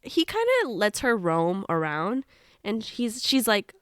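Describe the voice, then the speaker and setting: A young woman co-hosting a casual book podcast, animated and laughing as she retells scenes. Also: medium pitch, slow, clear, resonant tone, no room sound, clean studio sound. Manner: animated, laughing, acts out character lines. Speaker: podcast co-host.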